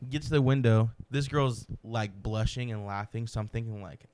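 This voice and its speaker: Podcast host, male, smooth clear tone, animated storyteller who does the voices in his anecdotes. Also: on the low side, slow pace, long pauses. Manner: animated storyteller, acts out quoted lines. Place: home room.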